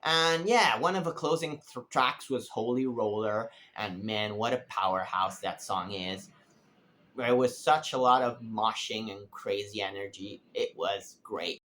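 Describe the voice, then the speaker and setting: Slow, musing man reviewing a concert. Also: on the low side, fairly bright tone, slight background noise. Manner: unhurried and musing, many pauses and restarts. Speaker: music vlogger.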